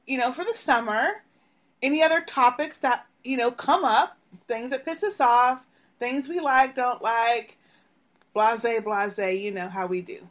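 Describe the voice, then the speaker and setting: A woman's voice: fairly high pitch, measured pace, a bit bright. A woman from Dallas, co-hosting a casual podcast chat, laughing often and swearing freely. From Dallas, Texas. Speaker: podcast co-host.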